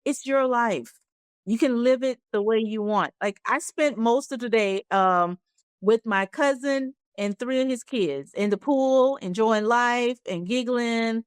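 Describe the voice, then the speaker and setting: A middle-aged actress telling stories as a guest in an interview, acting out the voices of people in them. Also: female voice, a little high, measured pace, clean tone, dry recording, studio quality. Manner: animated, acts out voices in her stories. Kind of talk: storytelling interview.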